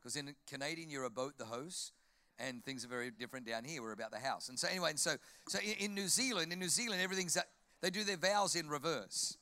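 A man with an Australian accent preaching a sermon, telling jokey stories in an animated way. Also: fairly high pitch, fast talker, dry recording. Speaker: pastor.

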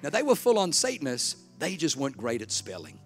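A man preaching a sermon, telling a story and acting out the voices, swinging from hushed to shouting. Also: medium pitch, huge pitch swings, brisk, soft background music.

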